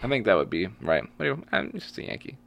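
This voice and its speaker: A man's voice: fairly low pitch, fast, vocal fry, no room sound, dull audio. A young man co-hosting a podcast in casual, jokey chat. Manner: animated, bright, jokey. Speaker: podcast co-host.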